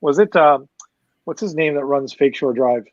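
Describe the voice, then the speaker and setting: A man who works as a concert promoter, telling a loose, fast, profane backstage story as a guest. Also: mid-range voice, no echo, highs cut off. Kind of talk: casual storytelling.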